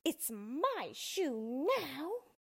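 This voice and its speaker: A shrill, spiteful wicked witch from a storybook, put on by a woman reading aloud. She hisses and drags out her words slowly, the voice swooping high and wild. There is a breathy edge to her. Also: sing-song, fairly bright tone, full character voice. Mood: gloating. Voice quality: shrill, hissing.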